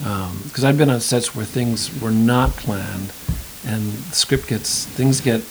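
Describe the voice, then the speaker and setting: A middle-aged man speaks in a relaxed interview, circling his thoughts with frequent restarts and self-corrections. His voice sits at an ordinary pitch, and a faint hiss runs under the recording. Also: slow, low-quality recording. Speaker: actor and acting teacher. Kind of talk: conversational interview.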